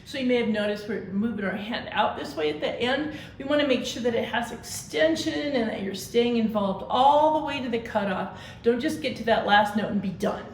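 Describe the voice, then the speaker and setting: A woman leading a vocal warm-up, giving brisk, encouraging instructions and singing exercise syllables. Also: on the high side. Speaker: vocal coach. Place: large convention hall. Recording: echoey hall, faint noise.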